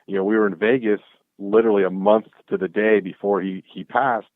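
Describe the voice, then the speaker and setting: Excitable man on a tinny call line. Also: on the low side, brisk, no room sound. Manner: excitable, acts out quoted exchanges. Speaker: guest, clothing brand founder. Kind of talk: casual storytelling chat. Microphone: call audio.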